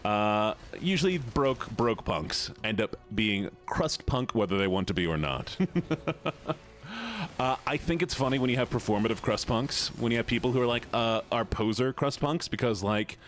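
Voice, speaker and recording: A man's voice: mid-range voice, expressive, normal speed, a bit bright. A man streaming live, chatting casually and rambling to his viewers, often breaking into laughter. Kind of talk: casual livestream chat.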